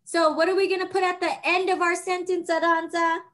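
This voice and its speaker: A woman teaching young children over a video call, patient and encouraging, speaking slowly and clearly. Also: very high voice, little pitch movement, fairly bright tone.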